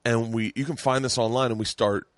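Relaxed male podcast host, mid-pitched voice, dry close mic. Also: brisk, no room sound. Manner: laid-back, chatty, swears freely. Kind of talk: casual chat.

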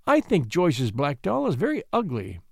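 A man's voice: fairly high pitch, wildly swooping pitch, moderate pace, vocal fry, husky, no room sound, clean studio sound, heavily acted. A man voicing a spoiled, pretty little girl who talks smugly and dismissively.

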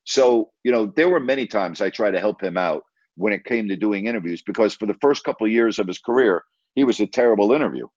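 A man's voice: lowish voice, lively intonation, fast talker, darkish tone, no room sound. A man and former team broadcaster telling a story in a casual interview, talking emphatically and retelling conversations line by line. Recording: dry, slightly dull audio.

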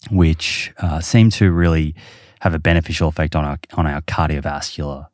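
A man's voice: very deep voice, steady tone, normal speed, darkish tone, no room sound, clean studio sound. A man hosting a podcast, explaining research casually with many fillers. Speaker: podcast host. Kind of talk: casual chat.

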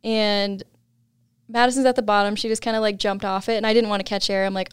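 A young woman guest on a podcast, telling a story in casual chat, laughing often and animated when quoting others. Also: mid-range voice, fast, smooth, no room sound.

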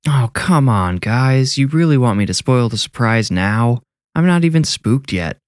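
A man's voice: mid-range voice, animated, unhurried, no echo, clean studio sound, voice pushed up, close to an everyday voice. A man voicing a mischievous young prankster who teases and coaxes his friends in a story reading. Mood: teasing. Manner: playful, teasing, coaxing.

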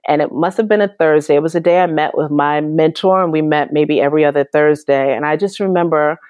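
A woman's voice: low-pitched, steady tone, fairly quick, darkish tone, no room sound. Earnest woman guest, dry close sound. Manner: earnest, emotional storytelling with many restarts. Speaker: interview guest. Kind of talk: conversational interview.

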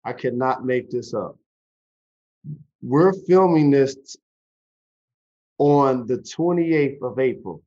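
Through dull audio comes the mid-range, expressive, mellow voice of a former pro athlete turned podcast host. Slow and deliberate, he poses interview questions and speaks earnestly about what he has lost.

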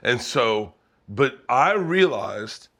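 A man's voice: mid-range voice, sing-song, very slow, a bit bright, breathy edge. A man hosting a casual kitchen chat, talking loosely with lots of swearing and restarts. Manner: loose, profane, rambling with many restarts. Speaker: host.

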